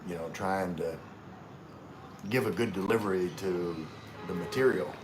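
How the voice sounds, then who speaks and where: With music playing behind him, a middle-aged Louisiana man speaks low and at a measured pace. He's hosting a casual livestream, reading viewer comments, welcoming people by name, and drawling in an easygoing Southern way.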